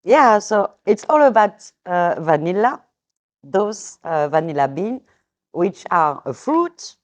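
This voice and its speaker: A woman's voice: medium pitch, big pitch swings, slow pace. A French woman with a French accent, a guest in a casual chat, explaining with some hesitant fillers. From France.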